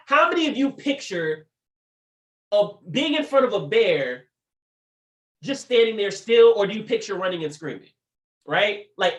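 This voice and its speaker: A man's voice: sits high, fairly bright tone, reverberant. A man giving a faith-based motivational talk on a livestream, playful and laughing often as he acts out little scenes. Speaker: motivational speaker.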